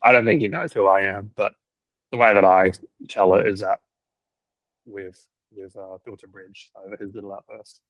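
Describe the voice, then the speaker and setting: A young man talks in a casual podcast chat, spinning a story with plenty of "like" fillers and easy laughter. His voice sits fairly low, and the recording is close and dry. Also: normal speed, no room sound, lo-fi sound. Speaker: cricket team videographer.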